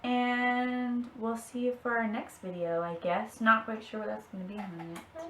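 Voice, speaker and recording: A woman's voice: fairly high pitch, flat delivery, normal speed, pushed and bright. A young woman hosting a casual beauty vlog, bubbly and giggly. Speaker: beauty vlogger. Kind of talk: casual chat. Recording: echoey room, faint noise.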